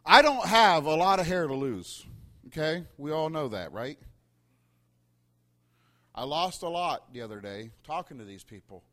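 A man's voice: fairly high pitch, animated, measured pace, long pauses, sharp tone. A middle-aged man preaching a sermon, telling a funny story and building to emphatic points. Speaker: pastor.

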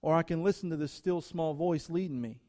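A man's voice: on the high side, brisk, dark tone. A man preaching a sermon as a guest speaker to a church congregation. He speaks emphatically, drives his points home in rhythmic lists of short phrases and talks straight to the listeners.

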